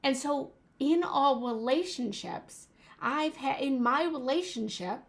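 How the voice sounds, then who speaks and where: A woman's voice: high-pitched, slow. A young adult woman giving a motivational talk as a relationship coach, earnest and emphatic, repeating key phrases.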